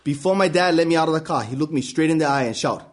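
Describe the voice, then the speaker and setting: A man reads a story aloud. His voice sits high for a man, and his delivery is wry and easygoing. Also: fast talker. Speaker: reader. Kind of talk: spoken-word story reading.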